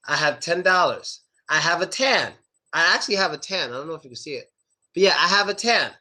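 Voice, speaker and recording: A young man teaching English pronunciation, repeating words slowly and exaggerating the sounds. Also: on the high side, sharp tone. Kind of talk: online pronunciation lesson.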